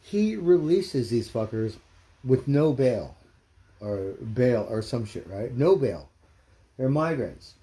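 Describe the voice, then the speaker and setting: Profane, ranting man with a mellow voice. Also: medium pitch, big pitch swings, slow pace. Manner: profane, blunt, heated. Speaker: livestream host. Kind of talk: casual ranting commentary. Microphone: streaming mic.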